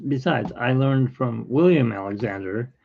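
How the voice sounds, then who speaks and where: A man's voice: mid-range voice, moderate pace, gravelly, dull audio. A man who hosts an art livestream, chatting in a rambling, opinionated way. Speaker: artist, livestream host. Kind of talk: casual livestream chat.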